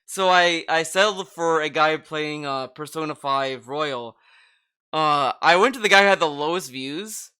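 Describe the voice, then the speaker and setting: A man's voice: fairly high pitch, measured pace, bright, forceful tone, smooth. A man co-hosting a podcast, chatting casually in a rambling way, full of fillers and restarts. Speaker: podcast co-host. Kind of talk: casual chat.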